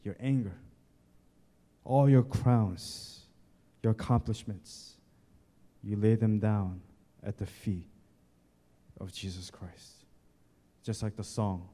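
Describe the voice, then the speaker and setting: Slow, warm-voiced pastor preaching in a hall. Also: male voice, lowish voice, fairly even intonation. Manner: emphatic, repeating key words and lists; talks directly to the congregation. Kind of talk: sermon. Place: church sanctuary. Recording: long church hall reverb.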